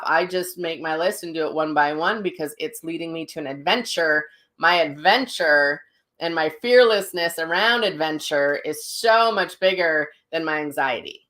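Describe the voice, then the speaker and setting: A woman's voice: low-pitched, fairly bright tone. A middle-aged woman hosting a casual livestream as a psychic medium, telling stories with lots of ums and restarts. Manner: chatty storytelling with many fillers and restarts.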